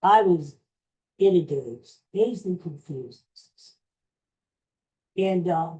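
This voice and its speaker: Slow, mellow man telling a story. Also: high-pitched, expressive, highs cut off. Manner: rambling, halting retelling with restarts. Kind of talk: personal storytelling.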